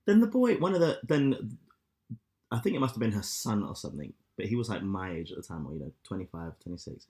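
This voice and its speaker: A man in his thirties co-hosting a podcast, telling stories with lots of swearing and loud acted-out quotes. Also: on the low side, quick pace. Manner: animated storyteller, swears a lot, acts out quotes loudly. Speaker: podcast co-host. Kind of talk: casual chat.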